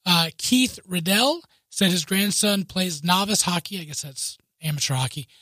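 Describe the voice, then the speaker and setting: Chatty co-host type, bright voice, laughs through the story, recorded close and dry. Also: medium pitch, normal speed, dry recording. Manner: laughs often while telling stories, chatty asides. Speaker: podcast co-host. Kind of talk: casual chat, reading news aloud.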